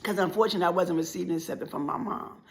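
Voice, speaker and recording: A middle-aged woman giving an impassioned motivational speech, preacherly and repetitive, swinging between loud and soft. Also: on the low side, steady tone, rapid-fire, creaky. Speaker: motivational life speaker.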